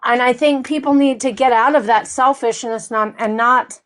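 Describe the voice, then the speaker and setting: A woman calling into a talk show, a nursing student speaking earnestly and haltingly about her worries. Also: a little high, fairly even intonation, a bit bright. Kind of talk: call-in chat.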